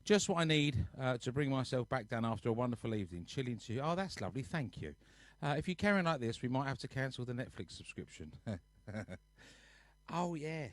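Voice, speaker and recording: A man's voice: medium pitch, expressive, a little fast, no room sound. Chatty man on a home live stream. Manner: rambling, chatty, reads viewer comments aloud. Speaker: live-stream host and musician. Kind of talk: casual chat to a live online audience. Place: home, sitting on a sofa.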